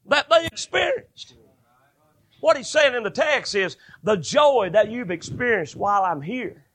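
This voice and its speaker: A man preaches a fervent sermon. His voice is high and bright, and it climbs into shouted, ringing stretches. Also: animated, a little slow. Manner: fervent, rising to shouted bursts.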